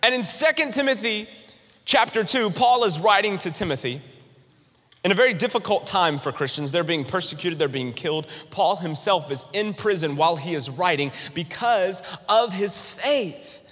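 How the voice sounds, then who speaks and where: High bright-voiced guy preaching, jokey storytelling, big echoey church hall. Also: normal speed. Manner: animated storytelling with humor. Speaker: pastor. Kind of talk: sermon with personal story.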